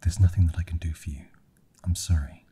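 A man's voice: sits low, fairly even intonation, a little fast, dark tone, husky. A man voicing a worried, pleading young woman in a whispered role-play. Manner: pleading, anxious.

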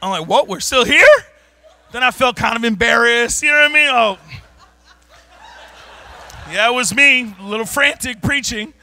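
A man pastor preaching a sermon, telling a personal story in an animated way, often shouting and laughing. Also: very high-pitched, moderate pace, long pauses. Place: church.

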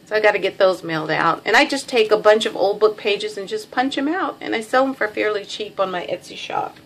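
A woman's voice: medium pitch, fairly quick, fairly bright tone. Chatty Texan woman showing her crafts. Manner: chatty, rambling, self-deprecating, many ums. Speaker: craft seller showing a package. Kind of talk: casual show-and-tell.

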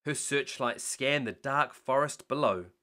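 A man reading a bedtime story aloud in an animated way. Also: medium pitch, measured pace.

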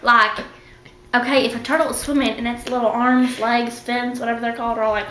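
A woman's voice: on the high side, level tone, fairly quick, a bit bright, roomy sound, slight background noise. A girl chatting in a rambling, playful, dramatic way in a casual home video. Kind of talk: silly casual chat.

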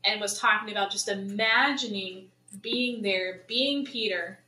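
Chatty woman teaching scripture, bright and higher voice, sounds far off in an echoey church hall. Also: unhurried, a little hiss or hum. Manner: chatty, paraphrases in lively voices. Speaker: Bible study leader. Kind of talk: casual Bible teaching to a congregation. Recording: roomy church hall, mic at a distance.

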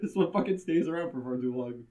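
A podcast co-host chats casually and crudely about a horror movie in a movie-review banter, laughing often and doing goofy voices. His voice is medium-pitched with a dark tone, and he talks at a quick pace.

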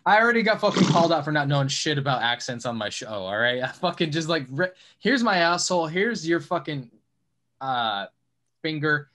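Loud cussing guy hosting a comics show, bright sharp tone, argues then laughs at himself. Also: on the high side, animated, a little fast. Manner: loud, swearing, self-mocking. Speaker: podcast host. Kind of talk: casual chat.

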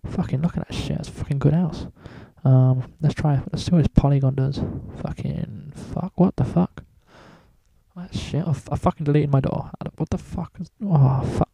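A man's voice: on the high side, normal speed, creaky, dark tone, breathy edge, dry recording. A man talking casually through a drawing tutorial, rambling and swearing in almost every sentence. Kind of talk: casual screen-recorded tutorial.

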